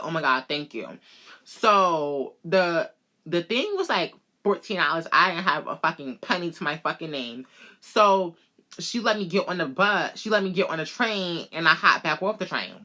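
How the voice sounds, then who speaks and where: A woman with a bright, forceful voice, pitched a little low for a woman, telling a personal story straight to her viewers. She talks in a casual, animated rush, swearing freely and calling her listeners girl. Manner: animated, profane, addresses listeners as girl and bitch. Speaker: storyteller vlogger.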